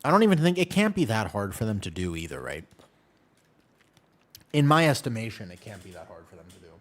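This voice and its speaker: A man streaming a game, chatting casually with his viewers in quick, jumpy banter. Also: fairly low pitch. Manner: animated, jumpy banter with chat. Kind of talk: casual chat while gaming.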